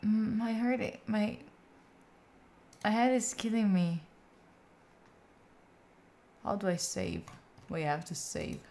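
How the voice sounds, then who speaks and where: A woman's voice: mid-range voice, lively intonation, slow, long pauses, mellow, slight background noise. A young woman with an Italian accent, chatting casually as a livestream host at home, swearing freely and reacting to her chat. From Italy. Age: young adult. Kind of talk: casual chat with live viewers. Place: room at home.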